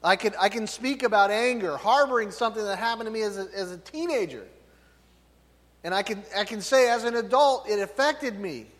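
A man preaching a sermon, loud and emphatic, often checking in with his listeners. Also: high-pitched, brisk. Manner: loud, emphatic, tag questions. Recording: long hall reverb.

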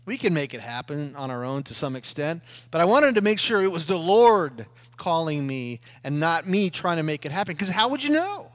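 A middle-aged man preaching a sermon, telling his own story with loud emphasis and hushed asides. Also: a little high, very animated, normal speed, hardly any pauses. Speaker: pastor.

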